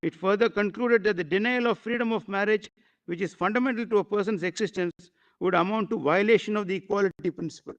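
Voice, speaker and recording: High-voiced Indian advocate addressing the bench. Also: male voice, fairly bright tone. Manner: addresses the bench as "my lord" constantly, with halting fillers. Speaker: advocate arguing before the court. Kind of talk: formal courtroom argument. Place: courtroom.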